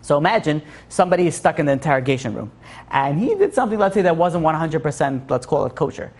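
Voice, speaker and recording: A man's voice: fairly high pitch, lively intonation, fast talker, darkish tone. A man, a rabbi, giving a rambling Torah lecture full of restarts and fillers. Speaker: rabbi teaching a class.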